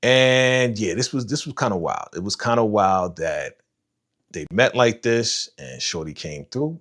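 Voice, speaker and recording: Guy on a live stream reacting to a show, lowish voice, slangy and animated, chatting with viewers. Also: unhurried. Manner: animated, slangy, retells scenes with voiced quotes; talks to live chat viewers by name. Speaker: livestream host reacting to a TV episode. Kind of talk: casual live reaction commentary.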